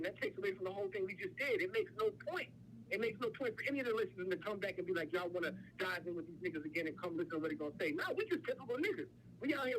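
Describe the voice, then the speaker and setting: A man co-hosting a podcast, talking insistently to calm down two arguing friends. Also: very high voice, slight background noise, poor audio. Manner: preachy, insistent mediating. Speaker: podcast co-host. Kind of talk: heated podcast talk.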